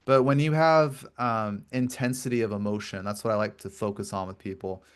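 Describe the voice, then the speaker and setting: A man's voice: on the low side, fairly even intonation, brisk, clean tone. A male podcast host in a conversational interview, explaining earnestly at length and often repeating words. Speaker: podcast host and grief coach.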